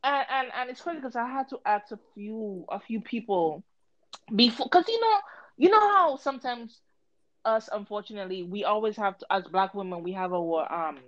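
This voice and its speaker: A woman's voice: mid-range voice, animated, normal speed, dull audio. A woman co-hosting a casual podcast chat, blunt and heated, swearing freely as she tells a story with lots of energy. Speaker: podcast co-host.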